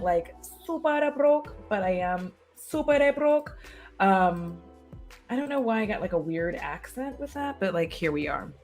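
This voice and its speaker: Chatty woman beauty creator. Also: medium pitch. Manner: chatty, frank, swears and laughs often. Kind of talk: casual livestream chat.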